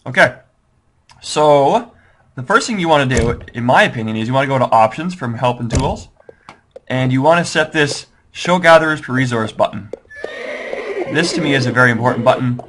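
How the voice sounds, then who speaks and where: A gaming tutorial host gives a casual walkthrough of a strategy game, rambling, second-guessing his choices, and poking fun at himself. His mid-range voice is fairly bright with lively intonation and a normal speed, and there's slight background noise.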